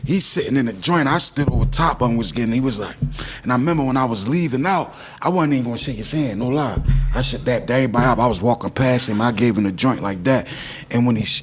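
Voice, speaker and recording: A man's voice: mid-range voice, breathy edge. A man from Philadelphia telling stories in a casual chat and acting out what people said. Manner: animated storytelling, acting out quotes. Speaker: guest rapper.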